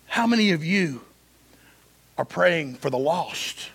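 A male pastor preaching an impassioned sermon that swings between loud emphasis and hushed stretches. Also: a little high, animated, a little slow, gravelly, pauses often, husky.

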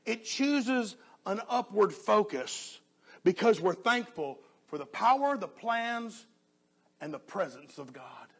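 A man preaching a sermon earnestly, often dropping to a soft hush on key phrases. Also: sits high, big pitch swings, slow, husky.

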